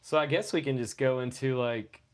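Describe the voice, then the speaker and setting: A man co-hosting a casual podcast, crude and joking, with frequent profanity and loud bursts. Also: medium pitch, moderate pace, background noise. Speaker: podcast co-host.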